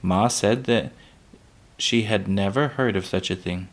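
A man reading a children's book aloud, unhurried, with small slips that he corrects. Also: lowish voice.

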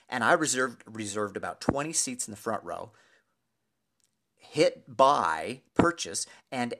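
A man telling a personal anecdote to an audience in a lively, animated way, with pauses and asides to his listeners. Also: fairly low pitch, vocal fry. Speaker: storyteller.

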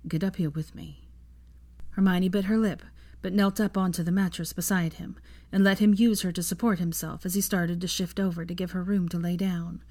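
A woman reading fan fiction aloud in a soft, intimate narrating voice. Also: lowish voice, level tone, a little fast, few pauses. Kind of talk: audiobook narration.

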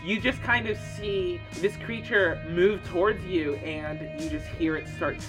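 A man's voice: sits high, measured pace, over music. A man narrating as game master in a casual, filler-heavy way. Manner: casual, many fillers, describes scenes.

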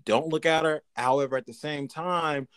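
A man co-hosting a podcast in casual chat, riffing through hypotheticals in an animated, profane way. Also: on the high side, normal speed, clean tone, no room sound, poor audio. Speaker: podcast co-host.

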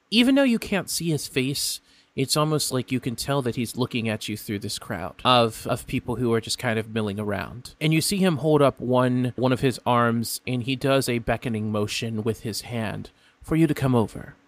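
A man's voice: mid-range voice, animated, normal speed. A man narrating a tabletop game as game master, in a rambling manner with many fillers and restarts. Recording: dry, close mic.

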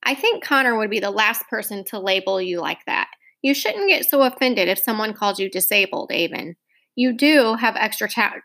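A woman's voice: a little high, a bit bright. A woman reading a mother's lines in a storybook, firm and coaxing with her daughter. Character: mother, middle-aged woman, lively and stern.

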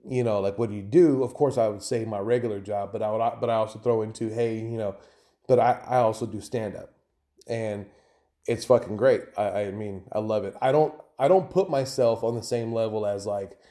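Profane, rambling podcast host. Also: male voice, lowish voice, brisk, mellow. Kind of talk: casual solo podcast talk.

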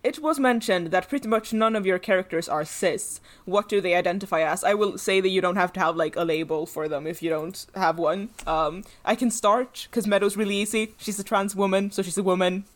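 A woman's voice: mid-range voice, a little fast, few pauses. A woman hosting a tabletop podcast, reading listener questions in a teasing, casual way. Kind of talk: casual chat.

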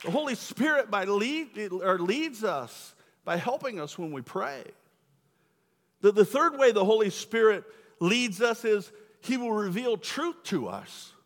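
A man's voice: sits high, very animated, measured pace, fairly bright tone. A young man preaching a sermon as pastor, enthusiastic and casual with slangy asides. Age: young adult. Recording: echoey hall.

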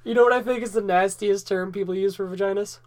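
A man co-hosting a podcast, joking crudely and getting excited in casual banter. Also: high voice, quick pace, noisy background. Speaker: podcast co-host.

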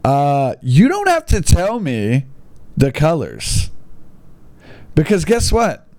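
A man's voice: fairly high pitch, huge pitch swings, slow pace, darkish tone, no echo. A young man giving casual comedic commentary as he reads classified ads aloud, sarcastic and incredulous. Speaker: online video host reading classified ads.

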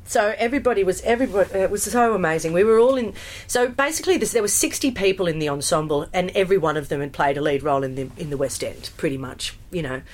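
A woman, a musical theatre performer chatting in an interview, animated and full of fillers and restarts. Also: lowish voice, fast talker, few pauses. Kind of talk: casual interview storytelling.

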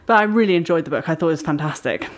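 Low-voiced English woman podcaster. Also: lively intonation, very fast. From England. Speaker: podcast co-host. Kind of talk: casual podcast chat.

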